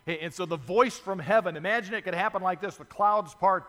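A man preaching a sermon as pastor, telling stories with lively acted-out voices and reading scripture to his congregation. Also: sits high, fast talker, few pauses, long reverb tail. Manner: animated storytelling, acts out voices in stories.

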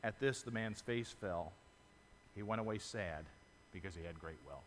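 A man preaching a sermon as pastor, telling stories with lively acted-out voices and reading scripture to his congregation. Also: fairly low pitch, normal speed, long reverb tail, a little hiss or hum. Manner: animated storytelling, acts out voices in stories.

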